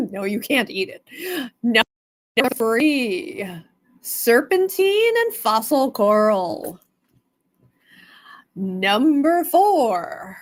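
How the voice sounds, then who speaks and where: A woman's voice: on the high side, very animated, very slow, pauses often. A woman hosting a live stone sale stream, chatting casually and greeting viewers by name.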